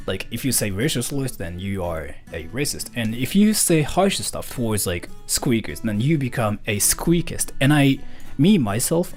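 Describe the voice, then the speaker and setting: A man streaming live, chatting casually with viewers and reading donations in a rambling way with lots of fillers. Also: medium pitch. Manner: animated, rambling with many fillers. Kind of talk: casual livestream chat.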